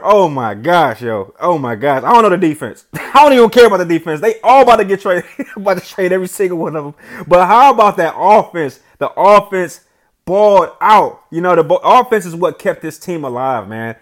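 A young man doing casual gameplay commentary as a channel host, excitable and quick to laugh, dropping into quieter reflective talk between bursts. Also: a little high. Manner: excitable, shouts and laughs at big plays, then settles into quiet reflective talk.

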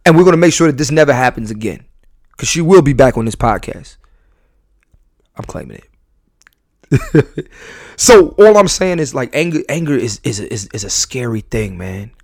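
A man hosting a podcast, talking candidly and emphatically, repeating and restarting his phrases and swinging between loud bursts and low, quiet asides. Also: big pitch swings, normal speed, gravelly, pauses often, no echo, studio quality. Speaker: podcast host.

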